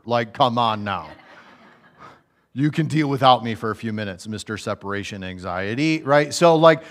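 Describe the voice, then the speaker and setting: A man's voice: medium pitch, moderate pace, fairly bright tone. A man preaching a conversational, humorous sermon that builds to raised, emphatic passages.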